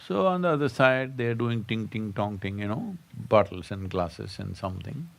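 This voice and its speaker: A man's voice: fairly low pitch, lively intonation, moderate pace, gravelly. A man giving a satsang talk as a spiritual teacher, telling stories and prodding his listeners with rhetorical questions. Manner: storytelling with jokes.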